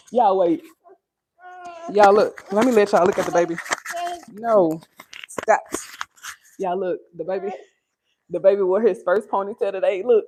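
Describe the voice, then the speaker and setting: A woman's voice: fairly even intonation, a little slow, long pauses, warm tone, a little hiss or hum. Earnest woman livestreaming from home. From Texas, USA. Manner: earnest, preachy, talks straight to viewers; high sing-song baby talk to her child. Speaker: livestream host. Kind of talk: casual livestream chat. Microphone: phone.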